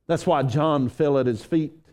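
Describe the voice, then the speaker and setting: Mellow-voiced preacher man. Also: a little high, unhurried. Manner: preaching with rising intensity and repeated phrases. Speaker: pastor. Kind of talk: sermon.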